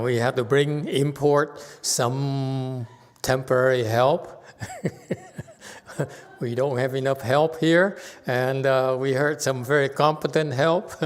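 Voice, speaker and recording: A male Buddhist teacher speaks slowly and haltingly, filling pauses with soft uhs and little chuckles. His mid-pitched voice carries a long reverb from the temple hall around him. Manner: halting, many fillers, chuckles to himself. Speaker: Buddhist teacher giving a Dharma talk. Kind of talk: informal Dharma talk narrating slides.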